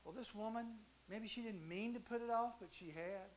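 A man teaching a youth Bible class, telling the story with lively acted-out voices. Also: high-pitched, normal speed, a little hiss or hum.

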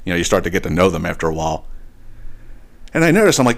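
A man hosting a podcast, telling a long casual rant about a business letting him down, animated and profane, restarting phrases often. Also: sits low, quick pace. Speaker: podcast host.

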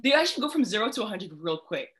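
A woman's voice: mid-range voice, big pitch swings, rapid-fire, fairly bright tone. A young woman, a poet guest on a podcast, chatting casually and speaking out emphatically. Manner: outspoken and emphatic. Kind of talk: casual chat.

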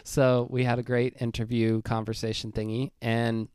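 A man's voice: medium pitch, moderate pace, clear, resonant tone, dry recording, studio quality. Chatty man rambling through a story. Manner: rambling, animated storytelling with acted-out quotes. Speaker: podcast host. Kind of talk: casual solo podcast monologue.

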